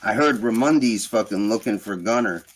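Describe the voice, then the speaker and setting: A man hosting a casual group voice chat, ranting in a profane, animated way. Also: lowish voice, moderate pace, slight background noise. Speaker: host.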